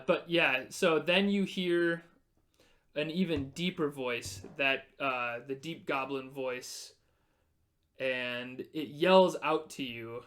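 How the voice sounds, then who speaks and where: A man's voice: mid-range voice, a bit bright. A man running a tabletop game as game master, narrating the action and explaining the rules as he goes.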